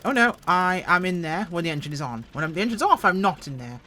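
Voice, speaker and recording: A woman's voice: lowish voice, animated, quick pace, pushed and bright, a little hiss or hum. A woman at home giving casual, joking, self-mocking commentary as she reviews a flight sim.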